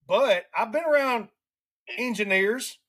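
Southern US male podcast host, fairly high voice, rambling and drawn-out, casual chat. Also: a bit bright, husky. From Alabama. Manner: rambling, restarts often, drawn-out emphasis.

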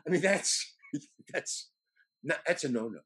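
An older man, an actor, telling anecdotes in a halting way, with many fillers and restarts. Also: a little high, animated, a bit bright, slightly rough. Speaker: actor guest. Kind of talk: anecdotal storytelling.

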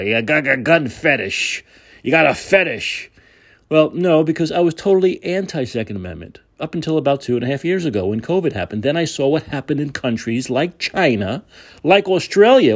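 A man's voice: medium pitch, darkish tone, breathy edge. Heated, ranting male show host. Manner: heated, repetitive ranting with emphatic restarts. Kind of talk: political commentary monologue.

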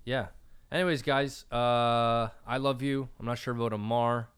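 A young man from Canada hosts a casual podcast, talking close into the mic. He tells long, rambling stories and leans heavily on "like" as a filler, with a voice of ordinary middle pitch. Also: fairly even intonation, moderate pace, a bit bright, smooth. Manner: rambling storyteller, lots of "like" fillers. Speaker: podcast host.

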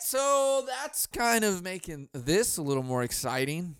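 A man's voice: high voice, big pitch swings, unhurried, smooth, no room sound, studio quality. Laughing, cursing man on a podcast. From Southern California. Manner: profane, laughs often, bursts into loud mock yelling. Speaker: podcast host. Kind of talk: casual solo podcast chat. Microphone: boom mic.

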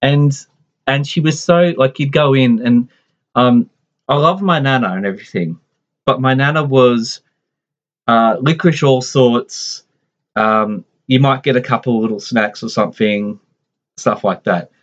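A man in his forties, at a middle pitch, recounts a family memory in relaxed conversation. He rambles, restarts and drifts into asides. The sound is dull and lo-fi. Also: a little slow. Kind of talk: casual conversational storytelling.

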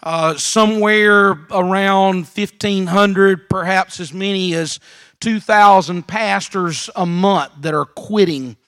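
A man with a fairly high voice delivers a sermon in an unhurried, drawn-out way. He speaks deliberately, pausing and doubling back on words as he builds his point at a church service. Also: steady tone, a bit bright, smooth. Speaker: preacher.

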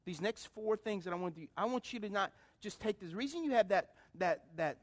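A middle-aged man preaching a sermon, calling out to the congregation and swinging between loud appeals and hushed lines. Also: high voice, animated, fairly quick. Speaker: pastor.

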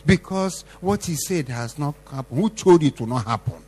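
A man preaching a sermon as pastor, exhorting and repeating himself, swinging between loud emphatic lines and soft low ones. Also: animated, normal speed, breathy edge.

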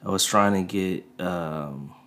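A man's voice: deep voice, takes it slowly, a bit bright. A man in his thirties hosting a podcast, telling a rambling story on a desk mic, laid-back and full of profanity. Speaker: podcast host. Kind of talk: casual storytelling monologue. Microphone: desk USB mic. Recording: faint music underneath.

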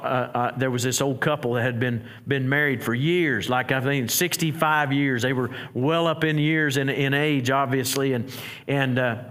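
A man's voice: mid-range voice, fairly bright tone, clear, resonant tone. A middle-aged man, a pastor preaching a sermon in a conversational way, often restarting his sentences.

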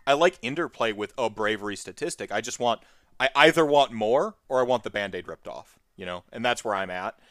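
A man co-hosting a casual gaming chat, talking in an animated, rambling way full of restarts and fillers. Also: mid-range voice, fairly quick, no room sound, studio quality. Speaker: podcast co-host.

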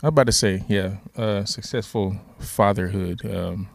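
A young man co-hosting a casual podcast, soft-spoken and hesitant, with many pauses and words of agreement. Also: lowish voice, gravelly, no echo, clean studio sound. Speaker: podcast co-host. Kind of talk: casual chat.

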